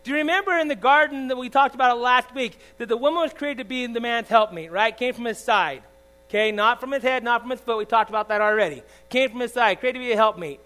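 A man's voice: extremely high pitch, fast talker, poor audio. Impassioned preacher in his forties. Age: 40s. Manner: swings from loud emphatic preaching to soft confiding asides; checks in with the congregation with frequent "all right?". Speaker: pastor. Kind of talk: sermon. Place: church. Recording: faint mains hum.

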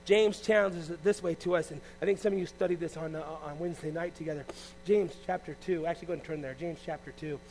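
A man preaching a sermon as pastor, animated, swinging between loud exclamations and hushed asides. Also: on the high side, fast, slight background noise, rough recording.

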